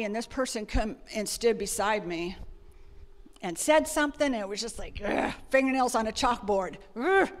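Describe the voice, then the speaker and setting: Woman preaching in an echoing church. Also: fairly high pitch. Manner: personal storytelling with frequent fillers. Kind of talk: conversational sermon. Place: church sanctuary.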